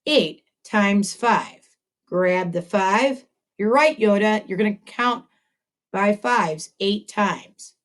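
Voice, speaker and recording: In this children's video math lesson, a woman speaks slowly in a mid-range voice to second graders. Cheerful and supportive, she carries on a conversation with a puppet as she teaches.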